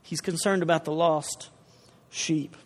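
A man's voice: fairly high pitch, fairly even intonation, a little slow. A man preaching a sermon, talking conversationally and telling stories with asides to the congregation. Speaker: pastor. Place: church hall. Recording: long reverb of a large hall.

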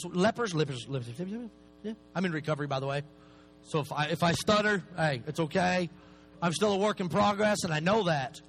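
A man, preaching fast and animated, joking at his own expense. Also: sits high, rough recording. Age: 40s. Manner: fast-talking, self-deprecating, animated preaching. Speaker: recovery ministry speaker. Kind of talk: sermon.

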